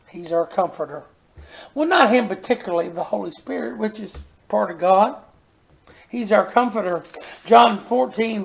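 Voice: medium pitch, vocal fry. A preacher giving a folksy sermon and reading scripture, often repeating words for emphasis.

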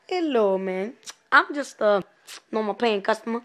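A woman improvising a comedy role-play as a sassy fast-food cashier, taunting customers in sing-song greetings and low mutters. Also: a bit bright.

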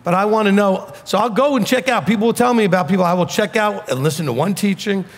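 A man's voice: high voice, quick pace, in a large hall. A man with a New York accent preaching a sermon as a rabbi, blunt and emphatic.

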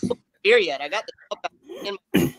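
Against a noisy background, a man with a high-sitting voice talks a little fast, telling a long story in casual livestream chat. His delivery rambles with fillers and restarts, and he animatedly performs his friends' lines.

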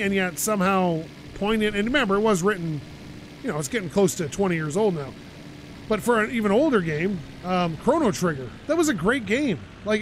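Man, gaming host, rather high voice, opinionated casual chatter, faint game noise behind. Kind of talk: casual gameplay commentary.

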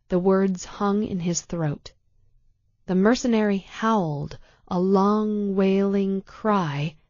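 Woman audiobook narrator, deliberate and tense, dry slightly muffled recording. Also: fairly low pitch, a little mellow, no room sound. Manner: measured, tense, deliberate reading.

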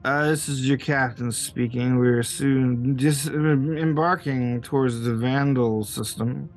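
A man voicing a drowsy, drugged male cat who captains a spaceship, speaking slowly and slurring over an intercom. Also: mid-range voice, steady tone, soft background music.

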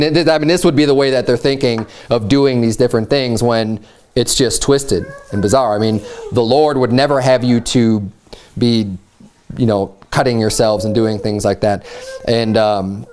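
A man preaching a sermon, retelling a scripture story in a casual, animated way and acting out quoted lines in a raised, mocking voice. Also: medium pitch.

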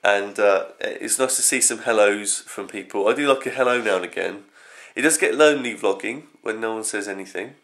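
A young man rambling through a casual early morning vlog at home, his voice groggy and croaky from just getting up. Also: lowish voice, fairly quick, hardly any pauses, a bit bright. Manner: rambling, scattered. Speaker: vlogger.

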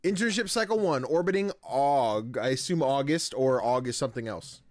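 A young gaming YouTuber gives casual let's-play commentary, reading game text aloud and joking around in a playful, chatty, slangy way with frequent laughs. His mid-range voice is animated and moderately paced. There's no room sound, just faint music in the background.

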